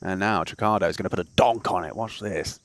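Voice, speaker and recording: A man casting a competitive shooter match, chatty and excitable, trading jokes with his co-casters. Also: sits low, fast talker. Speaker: esports caster. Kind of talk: play-by-play commentary and banter. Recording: noisy game audio behind. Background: game gunfire and clicks.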